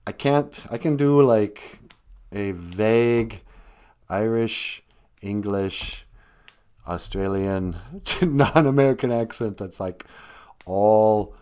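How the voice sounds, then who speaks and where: Unhurried Minnesotan man joking around. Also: fairly low pitch, darkish tone, clean tone. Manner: rambling, joking, laughs at his own jokes. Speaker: host. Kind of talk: comedic live-stream monologue.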